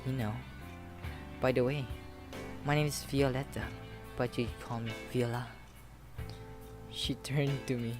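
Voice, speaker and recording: A man's voice: medium pitch, steady tone, measured pace, long pauses, music in the background. A man reading a visual novel aloud with running commentary, tripping over words and mocking himself. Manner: self-mocking, trips over words and laughs. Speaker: gaming YouTuber.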